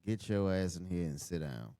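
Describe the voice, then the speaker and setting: A man's voice: sits low, expressive, moderate pace, vocal fry, dark tone, dry recording, clean studio sound. A man reviewing a wrestling show late at night, tired, blunt and profane in his mocking running commentary. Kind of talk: casual ranting commentary over a live show.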